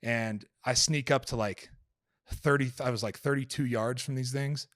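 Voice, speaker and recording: A man's voice: medium pitch, steady tone, moderate pace, a bit bright, dry recording. Swearing, rambling male storyteller, dry sound. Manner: profane, rambling storyteller with many fillers. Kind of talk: casual podcast conversation.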